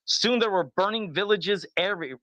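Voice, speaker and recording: A man's voice: sits high, normal speed, sharp tone, no room sound, low-quality recording. A man co-hosting a podcast, reading a storybook aloud in a casual way and chuckling as he goes. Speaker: podcast co-host.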